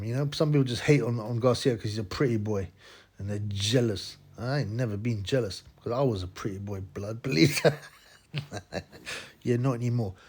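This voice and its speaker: A man in casual, crude, mocking boxing commentary, rambling with many restarts. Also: mid-range voice.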